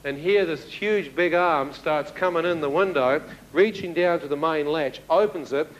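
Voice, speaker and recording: A middle-aged man giving a testimony, retelling events vividly with sudden shouts and chuckles. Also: a little high, normal speed, dull audio, a little hiss or hum. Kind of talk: dramatic storytelling to an audience.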